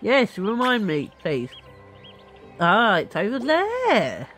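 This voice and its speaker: A woman streaming a video game, chatting to her viewers in an excitable, playful way. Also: mid-range voice, slow pace, soft background music. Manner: excitable, talks to viewers, squeals and laughs. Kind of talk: casual let's-play commentary.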